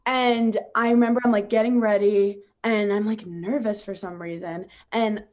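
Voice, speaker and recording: A young woman telling a lively personal story in casual chat, with many "like" fillers. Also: mid-range voice, normal speed, slight background noise.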